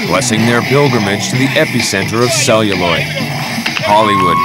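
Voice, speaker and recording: A man reading poetic, scripted documentary narration in a measured way. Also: on the low side, rough recording.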